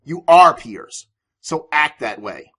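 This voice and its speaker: A man's voice: fairly high pitch, expressive, slow pace, pushed and bright, husky. A man hosting a business podcast, giving sales advice in an emphatic, authoritative way. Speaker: podcast host and sales coach.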